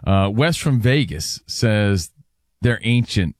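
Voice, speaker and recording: A man hosting a sports talk show who steers the segment through its list. His pitch moves a lot as he talks. The sound is dry and close to the mic. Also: expressive, slow, dry recording. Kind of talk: lively sports radio banter.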